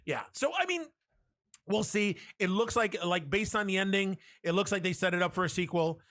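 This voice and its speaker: A man co-hosting a podcast, chatting casually and profanely, animated as he retells scenes and throws in quick impressions. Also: high voice, no room sound, studio quality. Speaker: podcast co-host.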